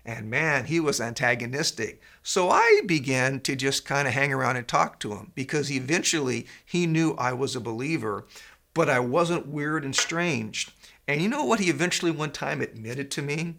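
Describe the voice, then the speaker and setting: A man preaching a sermon as pastor, telling stories in an animated, conversational way. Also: medium pitch, normal speed, vocal fry.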